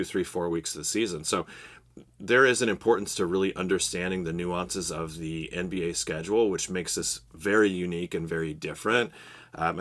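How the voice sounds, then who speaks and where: A man co-hosting a podcast, giving steady advice in a casual explanatory way. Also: low voice. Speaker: podcast co-host.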